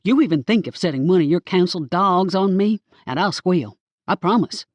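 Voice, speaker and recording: A spiteful, gum-chewing hairdresser witch, voiced by a woman reading an audiobook, snaps her words back in a defensive, grudging tone. Her lines swing up and down with lively emphasis. The sound is dry and close. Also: on the low side, moderate pace, no room sound. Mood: nervous. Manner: snippy and defensive. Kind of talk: audiobook character voice.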